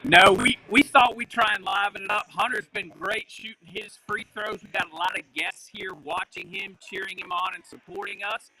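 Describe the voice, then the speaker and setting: A man's voice: high voice, fairly even intonation, normal speed, few pauses, pushed and bright. A man, a basketball coach, upbeat and jokey, introducing guests on a live stream. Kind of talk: casual chat.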